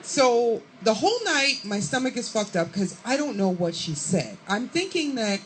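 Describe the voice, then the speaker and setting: A woman comedian telling a profane stand-up story with lively acted-out quotes. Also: fairly high pitch, moderate pace, a little hiss or hum, low-quality recording. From Chicago area, USA. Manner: profane, animated, acts out quotes.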